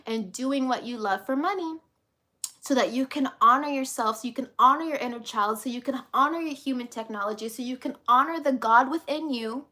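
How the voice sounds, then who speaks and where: A woman coach speaks straight to her listeners in a high, bright voice. She preaches with force and swears without holding back. She keeps acting out the inner voices she describes. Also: fairly quick. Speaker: life coach. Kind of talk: motivational monologue to camera.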